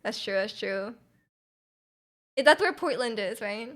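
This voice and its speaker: A woman with a Canadian accent, chatting casually with viewers on a stream, full of fillers and restarts and quick to laugh. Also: medium pitch, lively intonation, a bit bright. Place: home room.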